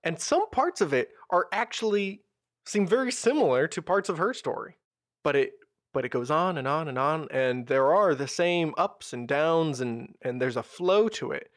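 A man narrating a tabletop role-playing game as game master, with measured, descriptive storytelling. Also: a little high, expressive, dry recording, clean studio sound.

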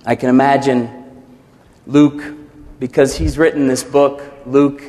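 A man's voice: mid-range voice, unhurried. Man preaching in an echoing hall. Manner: animated preaching, acting out quotes with swells and drops. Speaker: pastor. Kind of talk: sermon.

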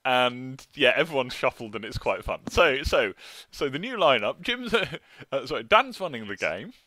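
Male player, casual and talkative, bright tone, animated pitch. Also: normal speed, no room sound. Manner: chatty, laughs often. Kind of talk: casual chat during a tabletop game.

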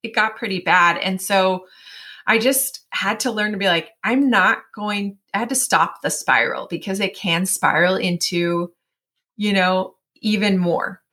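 Woman, 40s, interview guest, casual storytelling, bright voice, lots of fillers, acts out quotes. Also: medium pitch, unhurried. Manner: chatty, many fillers, animated self-quoting.

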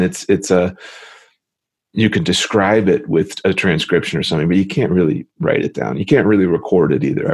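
A man hosting an interview, talking in a relaxed, hesitant way with many fillers. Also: deep voice, breathy edge. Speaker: interview host. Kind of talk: casual interview chat.

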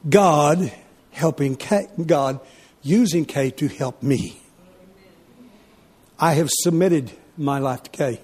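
A man preaching a sermon, telling stories with lively back-and-forth dialogue. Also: on the high side, slow pace, pauses often, breathy edge. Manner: animated storytelling, acts out his wife and himself in dialogue. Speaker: pastor.

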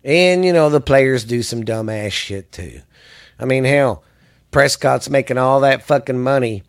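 A man's voice: mid-range voice, measured pace. A man hosting a sports podcast, ranting angrily and rambling with lots of cursing. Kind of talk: profane ranting commentary.

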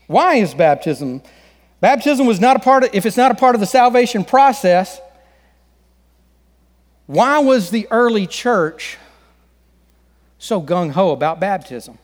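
A man's voice: sits high, long reverb tail. A man preaching a sermon as pastor, folksy and joking with the congregation. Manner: folksy joke-telling.

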